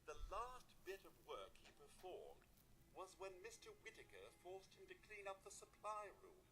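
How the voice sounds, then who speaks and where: An actor playing a prim male robot servant in a video game, speaking with formal, crisp diction and sounding put-upon. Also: high-pitched, wildly swooping pitch, normal speed, pushed and bright, heavily acted, poor audio. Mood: prim complaining.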